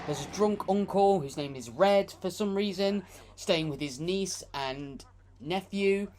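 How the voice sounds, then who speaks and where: A woman's voice: lowish voice, a little slow, noisy background. A woman from the United Kingdom co-hosting a film review with sarcastic, mocking commentary. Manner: dry, mocking asides, frequent laughs.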